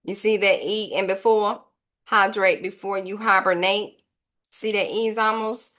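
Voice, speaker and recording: Bright-voiced woman chatting slowly while crafting. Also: medium pitch, fairly even intonation. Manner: rambling, thinks aloud, chats to viewers. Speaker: craft vlogger. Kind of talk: casual tutorial chat.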